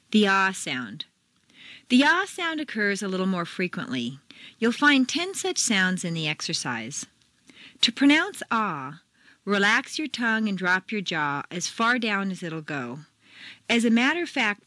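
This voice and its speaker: A woman reading scripted pronunciation lessons, modeling sounds clearly and deliberately. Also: mid-range voice, fairly bright tone, dry recording. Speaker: pronunciation teacher. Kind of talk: scripted instructional narration.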